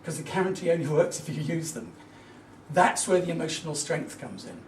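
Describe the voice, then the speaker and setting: A middle-aged man delivers a motivational business talk with a fairly high voice, full of earnest, emphatic storytelling. He is heard from a little way off in an echoey hall, with faint room ambience behind him. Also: expressive, fairly quick, recorded from a distance, slight background noise. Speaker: business speaker.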